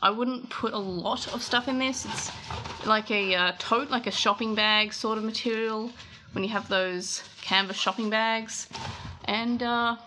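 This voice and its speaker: A chatty Australian woman with a slightly high, bright, forceful voice narrates an unboxing in a loose, casual way. She rambles and corrects herself mid-sentence as she thinks aloud. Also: steady tone, a little slow, a little hiss or hum. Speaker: vlogger.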